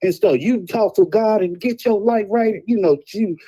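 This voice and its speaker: Middle-aged man, dark mellow voice, blunt preachy storyteller on a casual talk show. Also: high-pitched, normal speed, husky, low-quality recording.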